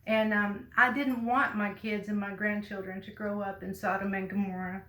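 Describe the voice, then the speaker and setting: A woman, telling a personal story to the camera in a folksy, earnest way with bursts of loud emphasis. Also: medium pitch, level tone, normal speed, echoey room, low-quality recording. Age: 50s. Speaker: vlogger.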